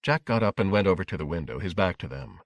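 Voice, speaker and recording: Male audiobook narrator, low, dry close sound, steady pacing. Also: quick pace, no echo.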